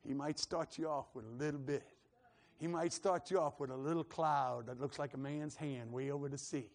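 Fervent high-voiced preacher. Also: male voice, fairly even intonation, normal speed. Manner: builds to fervent shouting, calls for responses. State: scratchy throat. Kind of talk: live sermon to a congregation.

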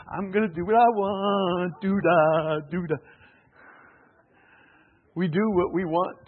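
A man delivering a sermon in a high, husky voice. He swings from loud exclamations to quiet, chuckling asides. The sound is tinny and narrow, like a radio broadcast. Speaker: preacher.

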